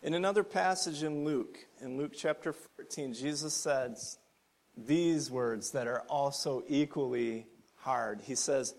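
A man preaching a sermon, earnest and conversational, building to emphatic points and dropping to soft asides. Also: medium pitch, measured pace, vocal fry. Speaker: pastor.

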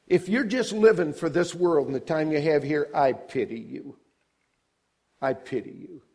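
An older man preaching a sermon, asking the congregation questions and swelling high and loud on key points before dropping low and soft. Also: moderate pace, husky.

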